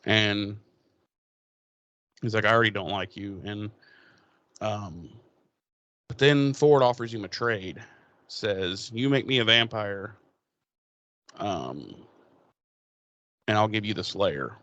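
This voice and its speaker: A man's voice: fairly low pitch, takes it slowly, pauses often, a bit bright, no echo, lo-fi sound. Profane, easygoing man recapping an episode. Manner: loose and profane, paraphrasing characters' lines. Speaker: podcast co-host.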